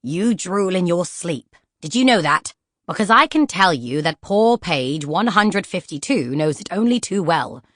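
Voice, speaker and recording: A woman's voice: fairly low pitch, sing-song, a little slow, fairly bright tone, no room sound, studio quality, exaggerated voice. A woman voicing a fussy book on good manners that speaks in a prim, indignant tone. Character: snarky fussy etiquette book.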